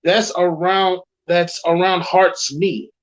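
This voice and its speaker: A man's voice: high voice, little pitch movement, slow, poor audio. A man co-hosting an online show, reading a scripted wrestling storyline aloud, sometimes tripping over words and adding his own reactions. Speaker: co-host.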